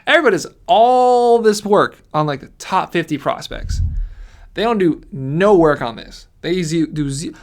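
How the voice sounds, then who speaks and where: A man's voice: sits high, lively intonation, moderate pace. A man giving casual, rambling commentary on his fantasy football mock draft, ranting with frequent restarts.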